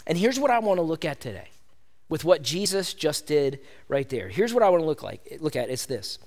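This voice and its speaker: A man with a high, light voice preaching a sermon. He talks to his listeners in a loose, conversational way and calls them "gang". His delivery is animated and energetic, now fast and now slow and emphatic. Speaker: pastor.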